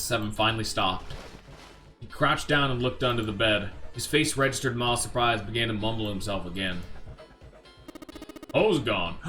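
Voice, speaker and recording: Bright-voiced man reading a game aloud. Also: medium pitch. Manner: casual, joking asides. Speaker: let's play host.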